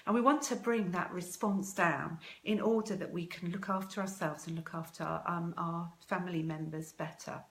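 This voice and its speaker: A woman giving parents advice in a live video talk, calm, slow and measured, pausing with many ums as she guides a breathing exercise. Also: lowish voice. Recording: echoey room.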